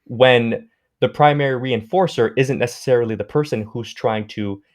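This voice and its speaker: A man's voice: mid-range voice, moderate pace. Male podcast co-host explaining dog training. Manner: conversational, steady explaining.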